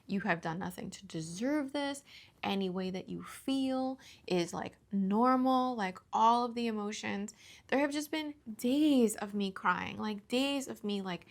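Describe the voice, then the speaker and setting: A woman in her thirties talks through a personal confessional vlog, halting and full of fillers, close to tears. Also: mid-range voice, vocal fry. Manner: halting, full of fillers and restarts, tearful at times. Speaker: vlogger.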